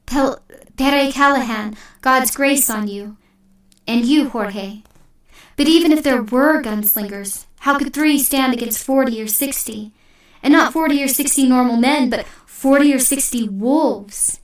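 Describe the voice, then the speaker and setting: A woman's voice: sits high, a little slow. A woman voicing a worried male villager who earnestly questions the plan. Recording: echoey room, distant mic.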